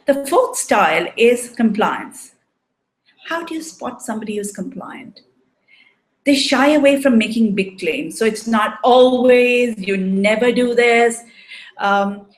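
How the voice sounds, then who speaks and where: A woman coaching on relationships, giving a measured explanatory talk and often checking in with "right?". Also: mid-range voice, big pitch swings. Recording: echoey room.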